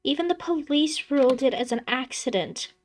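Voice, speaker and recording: A woman's voice: high-pitched, expressive, moderate pace, pitched above the performer's own voice. Woman voicing a distraught young daughter pleading. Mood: tearful pleading. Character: grieving obsessed father, middle-aged man.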